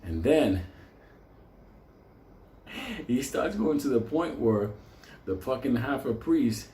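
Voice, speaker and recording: A man's voice: animated, takes it slowly, reverberant, a little hiss or hum. A man telling a wild story in a comic, profane way, swearing constantly and laughing as he talks. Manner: shouts acted quotes in a high voice.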